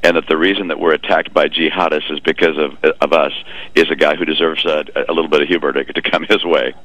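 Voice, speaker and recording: Deep-voiced, brisk male politician. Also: fairly even intonation, fairly bright tone, no echo, poor audio. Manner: genial and laughing, talks briskly past objections. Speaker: political candidate as guest. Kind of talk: radio interview on a call.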